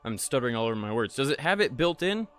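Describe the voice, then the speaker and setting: A man's voice: mid-range voice, very animated, fast talker, fairly bright tone. A young man streaming a space game, talking to chat and muttering in frustration, swearing often. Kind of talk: casual live-stream commentary.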